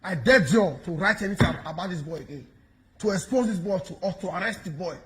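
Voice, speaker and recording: High-pitched, bright-voiced Nigerian man taunting. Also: expressive, fairly quick. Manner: taunting, mocking, repetitive, frequent laughs. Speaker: online commentator. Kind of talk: animated mocking commentary in pidgin.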